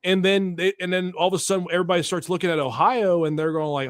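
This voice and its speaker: Male talk host, fairly high voice, blunt and ranting, dead-dry close mic. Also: a little fast, hardly any pauses, no room sound. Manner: blunt, heated, ranting with frequent restarts. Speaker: political talk show host. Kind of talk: casual opinionated commentary.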